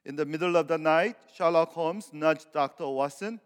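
A man's voice: a little high, normal speed, few pauses, clean tone. A man preaching a sermon as a pastor, stretching out key words for emphasis. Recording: long hall reverb.

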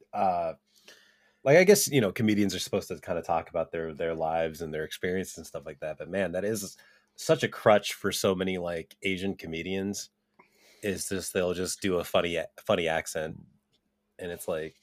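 A young man with a low-pitched voice chats loosely on a podcast, rambling through stories with lots of fillers and swearing. He laughs easily, and the recording is dry and close, with no room sound. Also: moderate pace, no echo. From Japanese-American. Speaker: podcast co-host. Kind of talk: casual chat, storytelling.

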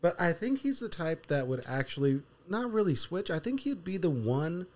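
A man's voice: on the high side, moderate pace. A man hosting a podcast, steering segments in playful casual chat. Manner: runs the segments, lively and playful. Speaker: podcast host.

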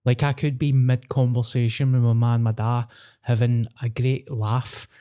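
A man's voice: medium pitch, little pitch movement, moderate pace, dark tone, smooth. A Scottish man in his thirties talks casually on a podcast, mid-range voice. He's blunt and sweary and slips into impressions as he tells family stories. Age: 30s. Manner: blunt, sweary, storytelling with mimicry. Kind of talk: casual chat.

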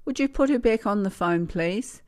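A woman voicing a caring grandmother who chats brightly and reassuringly on the phone. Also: medium pitch, lively intonation, normal speed, pitched above the performer's own voice, natural voice. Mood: cheerful.

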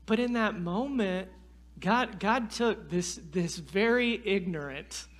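A man, telling a story in a sermon in an animated, self-deprecating way. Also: high-pitched, slow. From North Carolina. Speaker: guest preacher.

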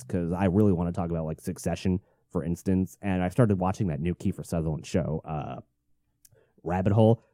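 A young man rambles through a late-night solo podcast, venting his frustrations and swearing freely. His voice is dark and mellow, recorded dry and close with no room sound. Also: medium pitch, dry recording. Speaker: podcast host.

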